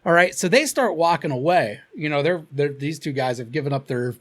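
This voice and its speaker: Podcast co-host, man, Cincinnati accent, lively profane storyteller, slightly high voice. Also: brisk. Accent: Cincinnati, Ohio. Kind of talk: casual storytelling chat.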